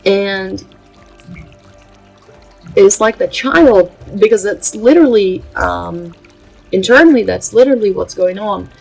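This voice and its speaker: With lively intonation, vocal fry and a darkish tone at medium pitch, this Brazilian woman hosts a spiritual channel in casual vlog fashion. She is a native Portuguese speaker, earnest and halting, with many filler pauses. Soft background music accompanies the low-quality recording.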